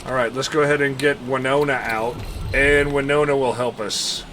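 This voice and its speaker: A man streaming a game live, chatting casually with viewers, thinking and counting out loud and laughing often. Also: mid-range voice, fairly even intonation, normal speed, slight background noise. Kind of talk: casual gameplay commentary.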